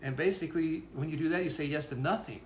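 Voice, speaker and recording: Quick and fairly high-voiced, this co-host of a parenting course talks earnestly and casually, restarting his words as he thinks them through. The room echoes, with a slight hiss or hum.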